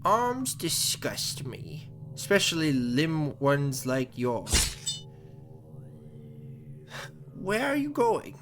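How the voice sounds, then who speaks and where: A gloating, cruel torturer savours every slow word in a horror game, as a man puts him on. The voice swings lively up and down but never hurries, purring with menace. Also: fairly high pitch, over music, heavily acted. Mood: gloating sadistic.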